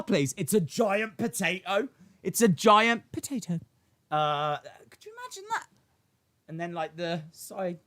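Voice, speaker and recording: A man's voice: sits high, expressive, measured pace, sharp tone, no room sound. A man hosting a casual live watch-along stream. He rambles, frets aloud and talks back to his chat.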